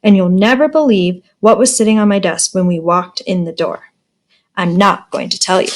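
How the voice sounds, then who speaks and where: A woman's voice: medium pitch, moderate pace. A woman teacher reading a children's storybook aloud in a friendly, plain manner.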